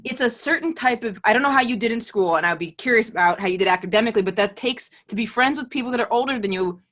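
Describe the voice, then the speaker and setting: A woman's voice: a little high, fast talker, fairly bright tone. A woman hosts a casual podcast interview. She is chatty and swears easily. She keeps the talk going with eager follow-up questions. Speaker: podcast host.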